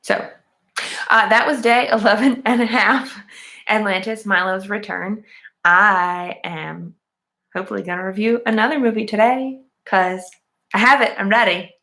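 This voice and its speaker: Chatty woman with a gravelly fry. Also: mid-range voice, fairly even intonation, normal speed, pushed and bright. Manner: chatty, rambling, lots of "like" and "um". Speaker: movie reviewer. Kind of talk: casual spoken movie recap and review.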